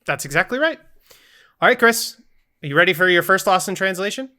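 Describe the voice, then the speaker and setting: A man's voice: high voice, lively intonation, a little fast, bright, forceful tone. A man co-hosting a casual podcast, playfully reading out quiz options and running the game segments.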